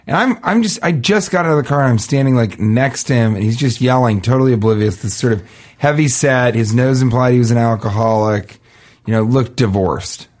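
A man co-hosting a podcast, telling casual comic stories and acting out the people in them with sudden jumps in pitch. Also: a little fast, a little mellow. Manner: acts out quoted voices, jumping pitch. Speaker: podcast co-host. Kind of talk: casual comedic storytelling.

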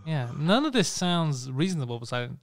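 A man's voice: on the high side, very animated, fairly quick, no room sound, clean studio sound. Teasing, laughing podcast host man. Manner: teasing, interrogating, laughs a lot. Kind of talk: crude casual banter.

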